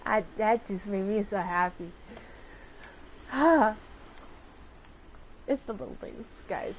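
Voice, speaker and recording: A woman's voice: mid-range voice, animated, takes it slowly, long pauses, a little hiss or hum, poor audio. A woman with a Southern US accent, chatting through gaming commentary in an effusive, rambling way. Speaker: let's play host.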